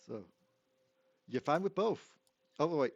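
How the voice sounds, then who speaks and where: A man's voice: fairly high pitch, lively intonation, slow pace, creaky, muffled recording. A man running a tabletop game as dungeon master, counting out dice rolls and reading rules, often laughing.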